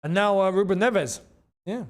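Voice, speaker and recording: A man hosting a live football watchalong, excitable and chatty, repeating his phrases and laughing often. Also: high-pitched, normal speed. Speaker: host.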